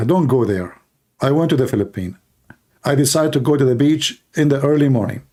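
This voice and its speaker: Joking livestream host, a man with a gravelly, warm, darker voice who mocks freely and tells stories with animation. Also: medium pitch. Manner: mocking, joking, animated storytelling. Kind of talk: casual comedic chat and anecdote.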